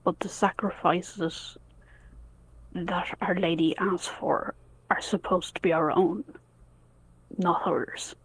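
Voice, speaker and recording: A woman's voice: fairly low pitch, steady tone, takes it slowly, pauses often, breathy edge, exaggerated voice, poor audio. A woman whispering as a grave female dragonborn.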